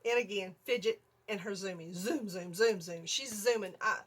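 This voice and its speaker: A middle-aged woman, telling an animated story on her vlog, laughing often and acting out her own screams. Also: mid-range voice, moderate pace, heavy background noise. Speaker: vlogger.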